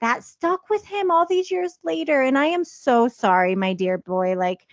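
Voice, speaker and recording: A woman in her thirties co-hosts a casual podcast, chatting confessionally and emotionally with lots of fillers like "you know." Her high-pitched voice is animated and a little slow, and the recording is dry and muffled.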